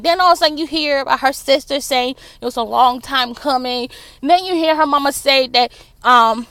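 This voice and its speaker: A woman vlogger, ranting loudly and profanely about celebrity gossip, filmed on a phone in a car in traffic. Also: high-pitched, normal speed, no room sound. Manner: loud, profane, fired-up ranting. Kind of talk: casual ranting commentary.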